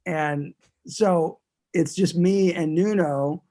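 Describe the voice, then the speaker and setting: A man's voice: a little high, takes it slowly, mellow. A man who is a guest musician, chatting casually in an interview and talking in a rambling way, with many restarts.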